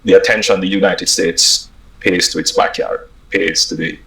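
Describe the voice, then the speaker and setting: A man from Jamaica answering interview questions in a measured way, with many pauses and uhs. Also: low-pitched, fairly even intonation, creaky, pushed and bright, rough recording. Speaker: government official.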